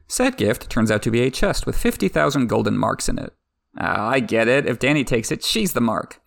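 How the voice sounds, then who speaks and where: Casting: sarcastic male book recapper, very gravelly, lively pitch, dry close sound. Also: normal speed, dry recording. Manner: wry, irreverent, swears casually.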